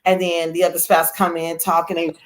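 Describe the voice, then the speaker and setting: A woman guest telling a lively personal story in casual chat, acting out quoted lines. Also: lowish voice, a little fast. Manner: animated, acts out quoted voices. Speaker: guest author.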